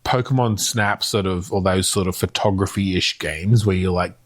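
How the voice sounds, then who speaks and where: Aussie guy cohosting, lowish voice, rambly brainstorming full of likes and you knows. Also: fairly even intonation, moderate pace. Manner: rambling, brainstorming with many fillers and crude jokes. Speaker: podcast co-host. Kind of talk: casual chat.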